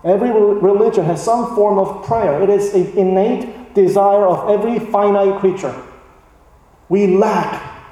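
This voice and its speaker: Male pastor, sermon delivery, mellow and fairly high, echoey church hall with a distant mic. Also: measured pace. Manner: animated, voice rising for emphasis.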